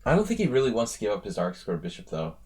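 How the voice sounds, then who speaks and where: American male streamer, low-ish voice, loose rambling live chess commentary. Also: wildly swooping pitch, fast talker, darkish tone. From United States. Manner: rambling, chatty asides between chess moves.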